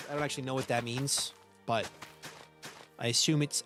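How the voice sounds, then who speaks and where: A man's voice: fairly high pitch, brisk, over music. An American man live-streaming a game, chatting casually and answering his viewers' messages as they come in. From United States. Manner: chatty, answers viewers' chat aloud while playing.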